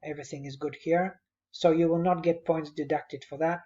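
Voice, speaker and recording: A man's voice: fairly high pitch, fairly even intonation, normal speed, dark tone, highs cut off. A male instructor giving conversational, encouraging spoken feedback to a student on a presentation, speaking at his computer.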